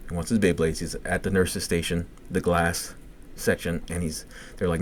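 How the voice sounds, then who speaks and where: A middle-aged man with a Cajun accent, co-hosting a podcast and telling a long story in a casual, profane, animated way, acting out the quotes. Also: low voice, a little fast, slight background noise. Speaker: podcast co-host.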